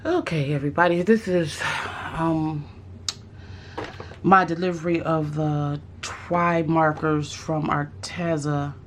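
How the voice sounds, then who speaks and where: A woman chatting casually about art supplies on her craft vlog, thinking aloud with pauses and restarts. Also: low voice, steady tone, a little hiss or hum. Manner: musing aloud, with fillers and restarts. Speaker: craft vlogger. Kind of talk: casual unboxing chat.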